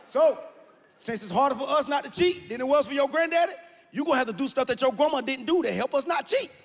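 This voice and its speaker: A man doing stand-up comedy, loud and animated, often shouting his punchlines. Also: very high-pitched, quick pace. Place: large live venue with audience. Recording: reverberant hall, faint ambience.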